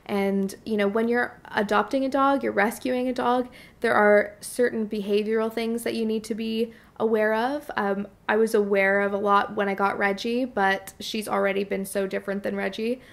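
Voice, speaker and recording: Woman, vlogger, chatty, heartfelt, casual talk to camera, lots of fillers, average pitch. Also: gravelly. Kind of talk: casual personal vlog talk.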